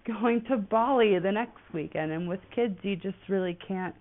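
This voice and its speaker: A woman's voice: medium pitch, normal speed. Woman in her 20s, casual rambling solo podcast, narrow phone-line sound. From United States. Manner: rambling, chatty, full of "like" fillers. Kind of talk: casual personal monologue. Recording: tinny phone-like audio.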